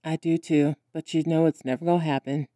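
Animated woman recapping with laughter. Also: fairly quick, no echo, clean studio sound. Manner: animated, laughs often, acts out lines in high squeals. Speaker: podcast co-host. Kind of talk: casual chat recapping a cartoon episode.

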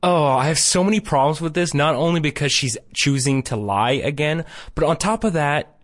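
A man's voice: fairly high pitch, moderate pace. A man co-hosting a podcast over a remote call, reading a plot recap and adding wry, sarcastic asides. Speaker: podcast co-host recapping a cartoon. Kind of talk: casual chat and read recap.

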